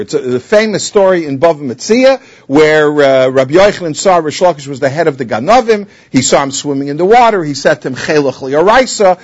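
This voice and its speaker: A man's voice: high-pitched, muffled recording. A man giving a Talmud lecture in English, explaining the text and telling its stories with many Hebrew and Aramaic terms. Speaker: Talmud teacher.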